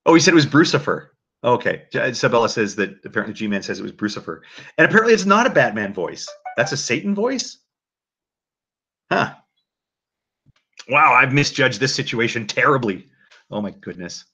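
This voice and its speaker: A man hosting a casual livestream commentary, rambling and animated, with frequent restarts. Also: mid-range voice, normal speed, pauses often, husky. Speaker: livestream host. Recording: dull lo-fi mic.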